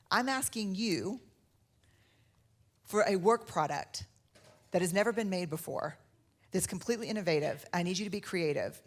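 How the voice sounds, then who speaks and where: A woman giving a keynote talk, telling a story with wry humor and acting out the dialogue she quotes. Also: lowish voice. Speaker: keynote speaker.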